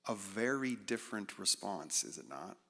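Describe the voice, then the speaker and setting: Middle-aged man, conversational sermon, animated, self-deprecating, long hall reverb. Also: fairly low pitch, moderate pace, gravelly. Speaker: guest speaker.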